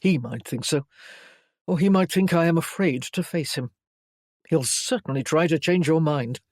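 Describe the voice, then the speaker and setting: A woman voicing an ardent, possessive gentleman in a period romance, firm and insistent. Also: sits low, moderate pace, no echo, clean studio sound.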